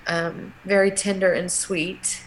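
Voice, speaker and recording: A middle-aged woman, a guest in an interview, telling a personal story in a halting, emotional way with many restarts. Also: medium pitch, little pitch movement, a little hiss or hum, poor audio.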